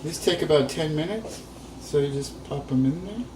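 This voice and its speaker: A man giving a relaxed, chatty cooking demonstration, talking through each step as he works. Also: a little high, normal speed, echoey room, background noise. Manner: relaxed, chatty, talks while working. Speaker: cooking instructor.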